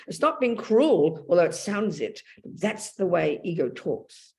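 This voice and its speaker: A woman's voice: fairly low pitch, very animated, unhurried, hardly any pauses, warm tone. A woman with an Australian accent giving a blunt, emphatic dharma talk as a Buddhist nun, calling her listeners darling.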